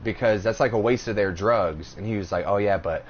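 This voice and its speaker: A man's voice: lowish voice, fairly quick. Profane storytelling male podcast host. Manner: animated storytelling, profane, acts out quotes. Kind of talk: casual chat. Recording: dull lo-fi audio, faint noise.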